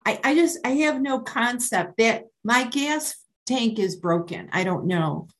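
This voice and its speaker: A middle-aged woman speaks slowly and unhurriedly, telling her own story at a support meeting. She hesitates often, with many ums and restarts, and she sounds candid. It is heard through an online meeting call. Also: on the high side, animated, a bit bright, low-quality recording. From Maryland, USA. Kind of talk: personal testimony at a support meeting.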